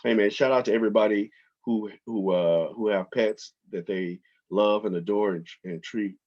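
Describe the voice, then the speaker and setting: A man hosting his own podcast, telling relaxed stories from his home office with lots of fillers. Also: lowish voice, normal speed, dull audio. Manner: relaxed storytelling with frequent fillers. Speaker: podcast host. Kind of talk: casual monologue.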